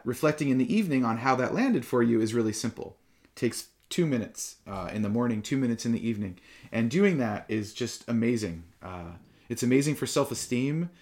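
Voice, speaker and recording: A middle-aged man giving a Dharma talk to his students as a meditation teacher, calm and reflective but livelier when he tells stories. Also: mid-range voice.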